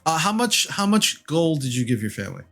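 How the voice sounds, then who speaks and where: Brief: easygoing male game master, slightly high voice, faint music behind. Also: a little fast. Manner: relaxed, filler-heavy narration. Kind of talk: narrating a tabletop game.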